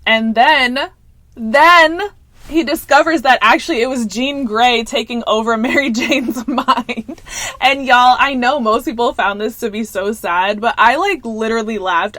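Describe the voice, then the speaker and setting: A woman's voice: fairly high pitch, no echo. Chatty woman recapping a movie. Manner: chatty, animated, addresses viewers as y'all. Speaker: movie reviewer. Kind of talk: casual movie recap vlog.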